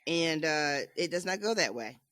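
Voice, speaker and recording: Bright, dry-sounding podcast host. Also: mid-range voice, expressive, normal speed, no echo. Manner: laughing often while recapping. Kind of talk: casual book-discussion podcast chat.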